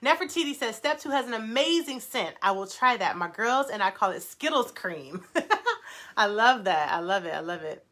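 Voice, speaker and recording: A young woman with a mid-range voice, the founder of a brand, hosts a casual livestream Q&A. She reads viewer comments aloud and answers them quickly and animatedly, laughing often.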